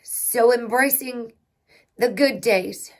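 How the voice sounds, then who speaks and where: A woman hosting a spiritual healing livestream, talking slowly and reflectively with her viewers. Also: fairly high pitch. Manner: slow, reflective, talks to chat and to herself. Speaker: spiritual healing channel host.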